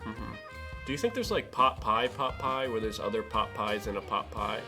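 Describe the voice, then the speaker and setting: A man trading quick, jokey lines in an improvised comedy live stream. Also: fairly low pitch, lively intonation, music in the background.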